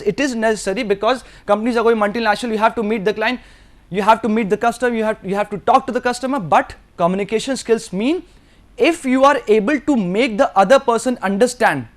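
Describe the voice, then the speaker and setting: High-voiced Indian English lecturer. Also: male voice, fast talker. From Delhi, India. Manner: earnest, repetitive, addresses students directly, slips into Hindi. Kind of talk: recorded course lecture.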